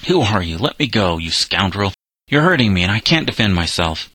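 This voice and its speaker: A man's voice: deep voice, brisk, bright, forceful tone, no echo. A man reading as a defiant runaway boy of seventeen. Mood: frightened, furious. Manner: bitter, resentful protests.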